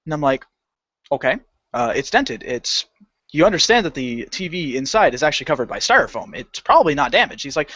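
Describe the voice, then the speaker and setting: A young man telling a story on a podcast, animated and swearing, acting out the people in it. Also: a little high, a little fast, no room sound, lo-fi sound. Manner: animated, swearing, acts out customer voices. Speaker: podcast co-host. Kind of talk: casual storytelling rant.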